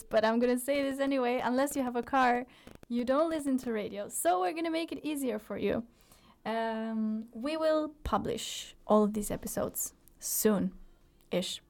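A woman's voice: fairly high pitch, darkish tone. A woman co-hosting a radio show in an upbeat, playful, chatty way, laughing often. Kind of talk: casual radio chat.

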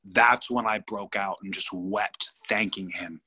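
A man's voice: fairly low pitch, fairly even intonation, a little slow, hardly any pauses, sharp tone, breathy edge. A man in his thirties from California, a guest telling a story in an interview, rambling and emphatic with many restarts. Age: 30s.

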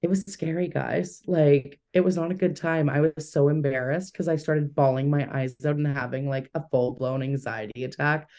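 A woman co-hosting a casual podcast, telling candid stories that ramble along. Her voice is low. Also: fairly even intonation, normal speed, hardly any pauses, darkish tone. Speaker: podcast co-host. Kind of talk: casual chat.

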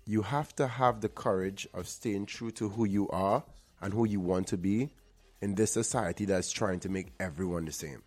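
Here a man with a low, darkish voice hosts his show in the LA area. An actor originally from Trinidad and Tobago, he shares personal stories in an earnest motivational monologue, doubling up on words when he wants to stress them.

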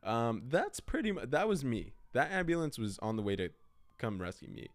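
Here a young man hosting a podcast speaks at medium pitch and normal speed. His storytelling is casual, rambling and animated, with lots of "like."

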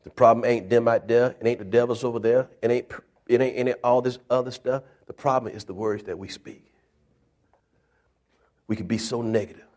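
A man preaching a sermon to a live congregation, calling out to the people and building to loud, rhythmic shouting as he acts out voices from scripture. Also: medium pitch, fairly even intonation, brisk. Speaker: evangelist preacher. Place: church before a live congregation.

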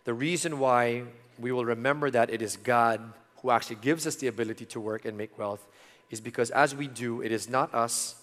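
Guy preaching, middle-aged, earnest, gets loud then goes real soft, big echoey hall. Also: medium pitch, brisk. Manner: earnest, swings between loud emphasis and soft intimate tones. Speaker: pastor. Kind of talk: sermon. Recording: long hall reverb.

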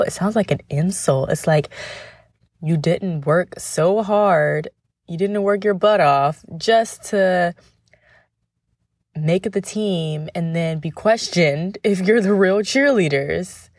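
Woman doing a chatty podcast monologue, talks right to you, lowish voice, dry sound. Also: darkish tone, husky, no room sound. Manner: chatty, addressing the listener directly. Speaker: podcast host and former professional cheerleader.

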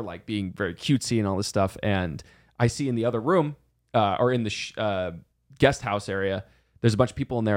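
A young man in his twenties, a podcast co-host telling a story casually, rambling and self-deprecating. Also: medium pitch. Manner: rambling, self-deprecating, full of restarts and acted quotes.

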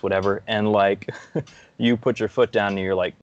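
A man, a counselor, talking as a guest in a casual podcast chat, earnest and heartfelt with frequent pauses. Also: lowish voice, steady tone, dull audio. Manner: earnest, heartfelt praise with many "um"s.

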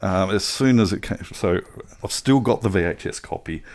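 During a comedy panel game built on bluffing, a middle-aged man spins a long, earnest, rambling story full of fillers. His voice sits low with a darkish tone, and he speaks at a normal speed.

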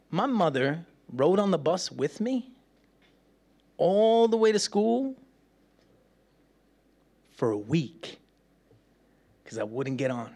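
A man delivers a sermon with a voice pitched a little above most men's. He is playful and talkative, laughs often, and acts out the voices of people in his story. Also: very animated, takes it slowly, long pauses, darkish tone. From United States. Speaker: preacher. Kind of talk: sermon with personal stories.

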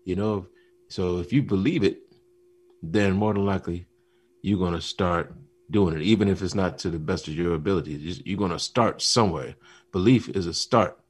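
A man co-hosting a casual talk show, telling a story with animated retellings and acted-out lines. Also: deep voice, normal speed, husky. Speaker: podcast co-host. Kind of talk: casual chat.

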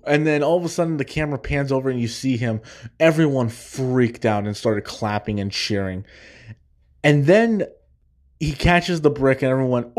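A man's voice: medium pitch, measured pace, a little mellow. A man hosting a solo podcast review, talking casually and enthusiastically, often restarting phrases and acting out quotes. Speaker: podcast host.

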